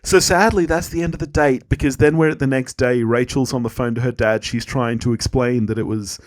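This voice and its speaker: A man's voice: medium pitch, fairly even intonation, a little fast, dry recording. A man co-hosting a podcast, casually retelling sitcom scenes and laughing along. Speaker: podcast co-host. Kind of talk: casual chat recapping a sitcom.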